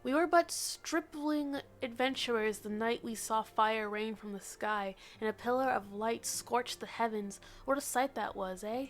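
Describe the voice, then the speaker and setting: A woman's voice: fairly high pitch, a little slow, few pauses, faint music behind, lightly acted. A woman reading a hearty, nostalgic older male adventurer's game lines aloud in her own voice.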